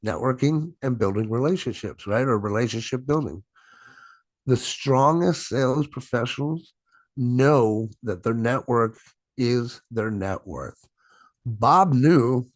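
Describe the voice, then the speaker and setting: Speaking at a medium pitch in a dry recording, this middle-aged male coach runs a sales webinar through a video-call mic. His delivery is emphatic: words get stressed and drawn out, and "right?" and "my friends" come up again and again.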